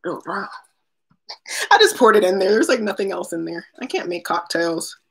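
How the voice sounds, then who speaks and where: A woman's voice: medium pitch, expressive, moderate pace, creaky, fairly bright tone, breathy edge. A woman chats casually on a live stream, unboxing products and calling out to viewers by name. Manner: chatty, talks to viewers by name, laughs often. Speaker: unboxing vlogger.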